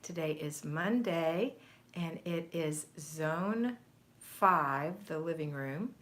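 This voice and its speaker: A woman's voice: deep voice, animated, slow, fairly bright tone. Chatty American woman hosting a livestream. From United States. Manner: chatty, reads viewer comments aloud and greets them by name. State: slightly out of breath. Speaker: home organizing coach hosting a livestream. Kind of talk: casual livestream chat.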